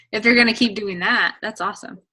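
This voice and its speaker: A woman coach chatting casually on an online team call, relaxed and hesitant, with many fillers. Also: mid-range voice, fairly quick, slightly rough.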